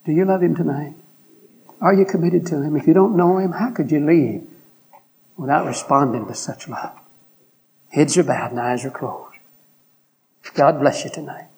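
Hoarse man preaching, earnest pleading tone, slightly high voice. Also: darkish tone. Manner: earnest, pleading, drawn-out pauses. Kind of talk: sermon.

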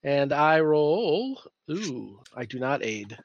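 A player rambles through casual chat in an online tabletop game, leaning on fillers and laughing often. The voice swings widely in pitch. The audio is dull and lo-fi, and very dry. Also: very animated, takes it slowly, gravelly, no echo.

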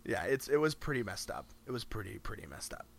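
A man's voice: on the low side, very animated, fast, creaky, dry recording. A man co-hosting a podcast in casual chat, rambling with frequent restarts and laughs between phrases. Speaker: podcast co-host.

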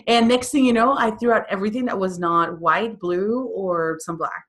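Woman coach on a podcast, lively, keeps doing little voices for ppl she quotes. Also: medium pitch, normal speed. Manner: energetic, acts out quoted voices. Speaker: guest coach. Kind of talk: podcast interview.

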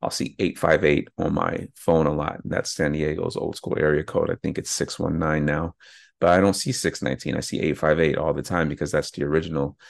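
A man's voice: a bass voice, level tone, a little fast, gravelly, dry recording. A man hosting an unscripted solo podcast, talking in a casual, rambling way and often correcting himself mid-sentence. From California. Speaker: podcast host.

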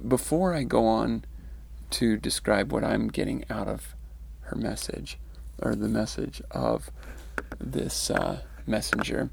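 A man giving reflective commentary on near-death accounts, thoughtful and musing, with pauses and restarts. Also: medium pitch, creaky, a little mellow, no room sound. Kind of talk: reflective spoken commentary with read-out quotes.

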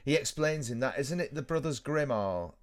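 A man's voice: mid-range voice, expressive, normal speed, a crowd in the background. A man co-hosting a casual podcast chat, musing aloud in a rambling way.

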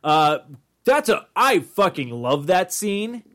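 A man's voice: high-pitched, slow pace. A man co-hosting a podcast, joking crudely and acting out quotes in casual banter. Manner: crude, animated, acts out quotes. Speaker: podcast co-host.

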